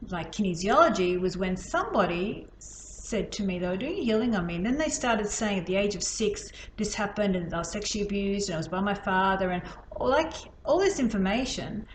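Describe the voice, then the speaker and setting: A woman's voice: mid-range voice, lively intonation, a little fast, few pauses, a little hiss or hum. A woman teaching a healing technique in a casual, chatty way, demonstrating as she explains. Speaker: healing instructor. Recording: echoey room with faint ambience.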